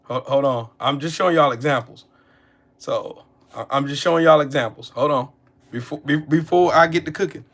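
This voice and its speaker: A man hosting a live stream, casually cutting in to pause the clips he is reacting to, halting and repetitive as he talks. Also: on the high side, a bit bright.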